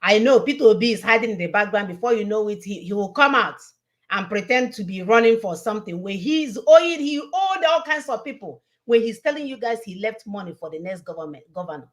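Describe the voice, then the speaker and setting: A woman's voice: mid-range voice, lively intonation, fairly quick. A woman giving an impassioned, preachy political talk with emphatic, repeated warnings. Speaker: online show co-host.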